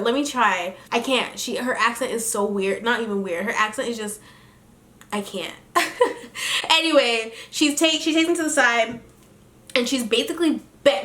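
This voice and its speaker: A woman's voice: fairly high pitch, sharp tone, reverberant. A woman recapping a reality TV episode in a gossipy, sassy way, talking straight to her viewers. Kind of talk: casual chatty recap.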